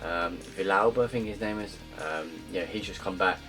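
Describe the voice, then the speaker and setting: A young man giving casual, rambling commentary on his football game career, full of ums and uhs, with loud upbeat greetings. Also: deep voice, normal speed. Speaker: gaming YouTuber. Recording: faint guitar music behind.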